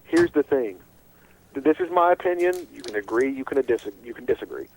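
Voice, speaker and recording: A man's voice: mid-range voice, fairly quick, a little hiss or hum, poor audio. A man hosting a casual sports radio talk show, rambling and full of restarts. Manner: animated and rambling, with many restarts.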